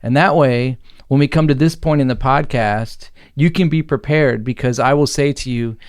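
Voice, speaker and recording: A man's voice: mid-range voice, moderate pace, few pauses, clean tone, no room sound. A man hosting a podcast, talking in an upbeat, jokey way and steering the conversation. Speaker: podcast host. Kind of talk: casual podcast chat.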